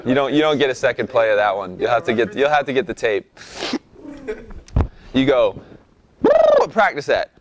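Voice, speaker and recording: A young man talking through a hands-on vocal lesson in an easygoing, demonstrative way. His voice sits at an ordinary middle pitch, and he keeps checking in with his listeners, often tossing in an "okay?". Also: moderate pace, long pauses. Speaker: rap vocal instructor. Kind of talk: instructional talk.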